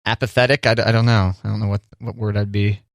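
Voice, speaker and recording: A gravelly, fairly low male voice delivers quick, flat speech. As a podcast co-host he chats casually, easygoing and self-deprecating, with many fillers and restarts.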